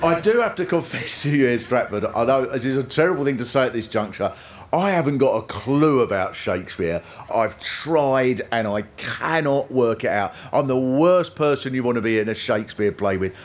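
A man's voice: medium pitch, normal speed. A man doing a stand-up comedy routine on stage, acting out the people he quotes. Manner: animated, acts out quoted characters. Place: theatre with a live audience. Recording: noisy live stage recording. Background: audience laughter.

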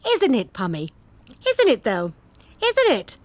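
Defensive shop worker, high, lively pitch. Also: female voice, a little slow, no room sound. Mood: indignant.

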